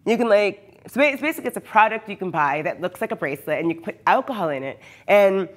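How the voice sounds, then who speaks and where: A woman's voice: medium pitch, lively intonation, quick pace. A hyper, chatty woman who often laughs, talking casually with her live viewers from her workshop. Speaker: cosplayer streaming live. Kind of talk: casual livestream chat with viewers.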